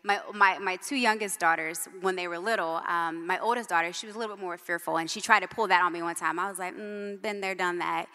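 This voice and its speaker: A woman's voice: fairly low pitch, fast talker, few pauses, pushed and bright. A middle-aged woman preaching a sermon, telling personal stories in a conversational way with frequent "right?" asides. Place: church hall. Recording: long church hall reverb.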